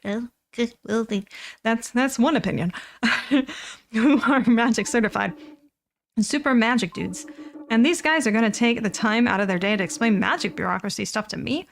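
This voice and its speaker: A woman's voice: a little high, normal speed, vocal fry, slight background noise. Playful woman streaming a game. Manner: playful, laughing asides. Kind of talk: live game stream commentary.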